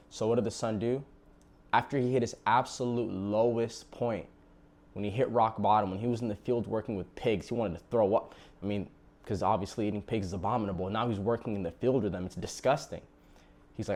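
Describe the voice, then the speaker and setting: Earnest low-voiced man preaching. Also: moderate pace. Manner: earnest, pleading, animated storyteller. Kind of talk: informal sermon, storytelling.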